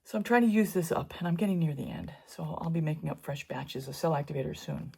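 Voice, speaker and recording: A woman's voice: sits low, lively intonation, fast, vocal fry, darkish tone, slightly rough. A middle-aged woman talking her way through a painting tutorial in a chatty, wandering way, with asides while she works. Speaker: fluid art painter teaching. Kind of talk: casual painting tutorial narration.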